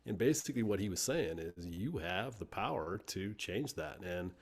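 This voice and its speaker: Low-voiced man hosting a podcast. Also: expressive, normal speed, husky. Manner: reflective, thinks aloud with fillers. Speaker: podcast host. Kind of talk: conversational interview.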